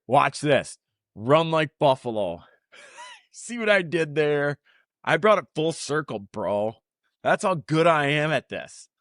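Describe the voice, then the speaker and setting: A man's voice: mid-range voice, no room sound, studio quality. A man in his forties hosting his own podcast, talking off the cuff in a rambling, repetitive way. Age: 40s. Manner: rambling, repeats himself, animated. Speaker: podcast host. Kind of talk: unscripted casual monologue.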